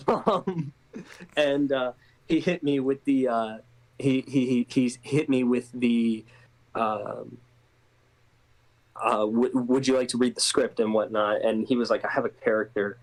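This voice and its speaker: A man's voice: medium pitch, steady tone, slow, pauses often, poor audio. A man being interviewed as an actor, talking casually with a hesitant manner. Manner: hesitant, many restarts and laughs. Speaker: guest actor.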